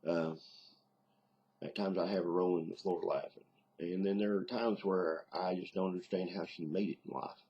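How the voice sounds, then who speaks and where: A man's voice: low voice, steady tone, moderate pace, dark tone, slightly rough, muffled recording. A middle-aged man with a Southern US accent, rambling in a casual video diary with lots of ums. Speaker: video diarist. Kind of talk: casual vlog monologue.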